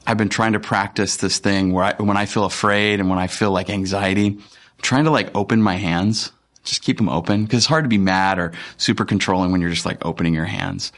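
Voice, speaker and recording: A pastor with a lowish voice delivers a conversational, earnest sermon. He pauses often and leans on filler words.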